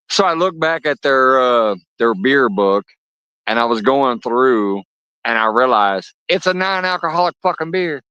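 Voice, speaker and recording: A man chatting casually with viewers while fishing, telling stories with plenty of cursing and laughter. His voice sits at an ordinary middle pitch and sounds dry and close. The audio is dull and lo-fi. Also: expressive, moderate pace, pushed and bright, clean tone, dry recording. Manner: profane, laughing storyteller. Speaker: fishing livestream host. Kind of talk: casual live chat with viewers. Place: outdoors at a lake.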